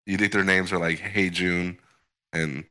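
A man's voice: sits low, steady tone, measured pace, pushed and bright. A man co-hosting a casual crypto news podcast, teasing his partner and throwing out provocative questions. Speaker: podcast co-host.

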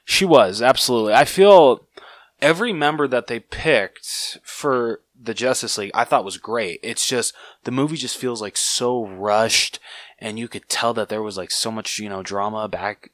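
A man's voice: mid-range voice, moderate pace, dry recording. A man co-hosting a casual podcast chat, easygoing and agreeable, often asking short questions. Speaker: podcast co-host.

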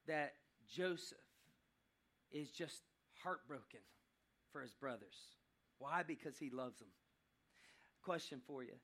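A man preaching a sermon, telling a story dramatically and swinging between loud and hushed passages. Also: fairly high pitch.

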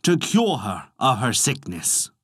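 A man's voice: mid-range voice, wildly swooping pitch, slow, a bit bright, slightly rough, dry recording, heavily acted. A regal old-fashioned dragon king of the sea, as a male storyteller voices him, speaking with a pleading, commanding storybook grandeur. His tone swings widely, recorded close and dry.

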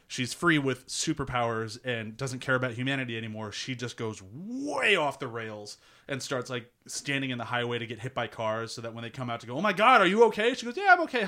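Bright-voiced man pitching a movie casually. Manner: laid-back, laughs often, swears, many "like" fillers.

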